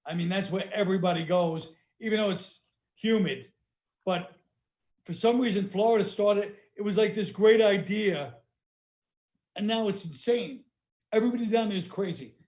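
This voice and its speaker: A man's voice: sits high, moderate pace, a little mellow. A man, a comedian guest in casual chat, blunt and wry, riffing in rambling runs.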